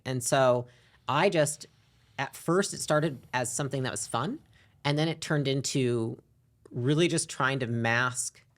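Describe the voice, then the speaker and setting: A young adult woman, a podcast guest, frankly telling a personal story, reflective, sometimes rushing and sometimes dropping quiet. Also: rumbling low. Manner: frank and reflective, often speeding up and trailing off quietly. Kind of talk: candid personal story in an interview.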